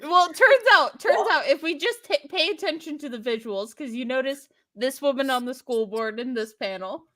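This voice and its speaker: A woman's voice: high voice, animated, normal speed, hardly any pauses, bright, forceful tone, no room sound, studio quality. A woman hosting a casual chat over comics, exclaiming, swearing and laughing. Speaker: podcast host.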